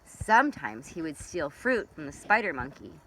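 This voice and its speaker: Bright, expressive woman reading a storybook to kids, lively rises and falls, faint noise. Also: low-pitched, normal speed, low-quality recording. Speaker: children's librarian. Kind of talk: reading a picture book aloud.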